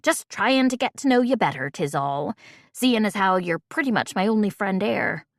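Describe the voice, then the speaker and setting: Audiobook casting: a woman doing a cocky young Irish charmer, teasing and playful, mid-pitched, dry close read. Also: animated, normal speed, no room sound, close to an everyday voice.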